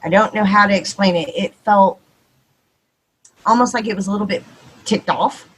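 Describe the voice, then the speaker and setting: A woman with a Texan accent, probably in her thirties or forties, telling a ghost story on a podcast, quick and animated and acting out the dialogue. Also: medium pitch, breathy edge, rough recording. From Texas. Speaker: podcast guest. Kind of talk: casual storytelling.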